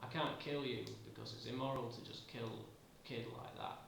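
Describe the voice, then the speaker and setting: A man voicing a cold middle-aged priestess, speaking low, flat and brisk. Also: gravelly, slight background noise. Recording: roomy, distant amateur recording.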